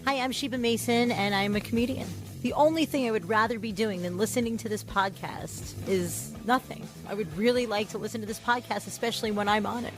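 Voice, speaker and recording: A woman comedian, joking in a dry, deadpan way. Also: a little high, brisk, few pauses, loud music behind the voice. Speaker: comedian guest.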